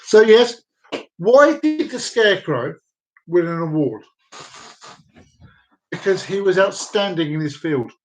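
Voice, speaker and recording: A man's voice: high-pitched, lively intonation, takes it slowly, long pauses, a little hiss or hum, low-quality recording. A man hosting a casual live stream at home, telling bad jokes in a rambling, repetitive way. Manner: jokey, rambling, repeats himself. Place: downstairs room at home with dogs.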